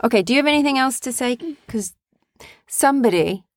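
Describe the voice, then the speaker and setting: A woman's voice: on the high side, animated, fairly quick, no echo, clean studio sound. A woman casually chatting with her child as host of a small family show, talkative and teasing. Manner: chatty, talks a lot, teasing. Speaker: podcast host and parent.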